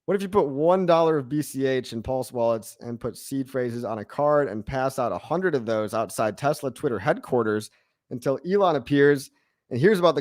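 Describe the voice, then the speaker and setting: A man's voice: mid-range voice, darkish tone, no echo. Male host in his thirties, slangy, laid-back, laughs a lot, dry close sound. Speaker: crypto show host. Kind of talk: casual livestream Q&A.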